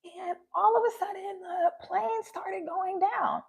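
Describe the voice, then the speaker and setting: High, gravelly-voiced woman telling a story. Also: takes it slowly. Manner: earnest, animated retelling with acted quotes. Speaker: spiritual livestream host. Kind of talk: personal storytelling on a livestream. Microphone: phone livestream.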